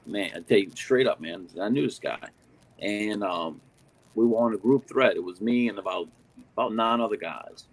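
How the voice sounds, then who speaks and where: A man's voice: fairly low pitch, normal speed, rough recording. A man in casual chat, telling a story animatedly with lots of fillers and swearing.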